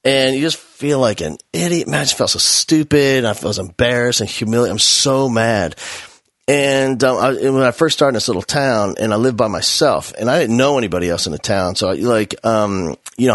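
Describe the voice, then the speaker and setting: A man's voice: mid-range voice, moderate pace, dry recording. Chatty male teacher-host, dry close sound. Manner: animated storyteller, says "man" often. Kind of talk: casual conversation.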